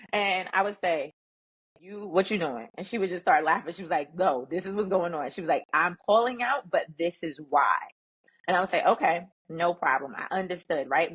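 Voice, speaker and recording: Husky-voiced woman telling work stories. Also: fairly low pitch, poor audio. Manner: animated, emphatic, acts out quoted dialogue. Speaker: guest, emotional intelligence speaker. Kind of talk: conversational storytelling.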